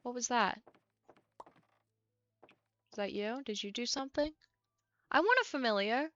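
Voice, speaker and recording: A woman's voice: fairly high pitch, a little slow, fairly bright tone, muffled recording. A young woman from the United States streaming a game, chatting casually and ranting bluntly with plenty of swearing. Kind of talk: casual stream chat while playing.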